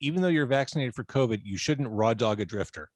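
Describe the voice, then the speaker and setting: Man, podcast host, dry jokes, lively pitch, dead dry sound. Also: fast, no room sound. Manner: joking, dry asides. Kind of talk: casual interview chat.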